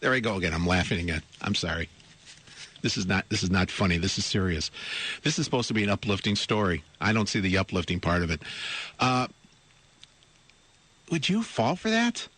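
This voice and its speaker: A man's voice: low-pitched, quick pace, a bit bright, husky. A middle-aged man hosting a radio talk show, reading a news story aloud and commenting on it. He sounds amused and incredulous, asks his listeners rhetorical questions and repeats his words as he goes. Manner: amused and incredulous, breaks into laughter while reading. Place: radio studio. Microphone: studio microphone.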